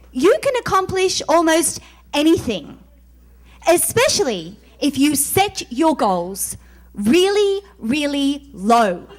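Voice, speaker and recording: A woman's voice: extremely high pitch, fairly bright tone. An Australian woman doing a stand-up comedy set on stage, delivering sardonic, self-mocking punchlines.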